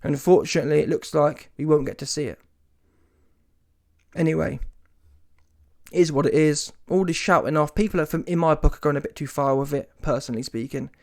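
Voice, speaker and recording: A man's voice: a little high, brisk, creaky, pauses often. A man giving a ranting reaction commentary on a boxing match, casual and slangy, emphatic and often mocking. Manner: animated, emphatic, rises to mocking shouts; casual street slang, swears.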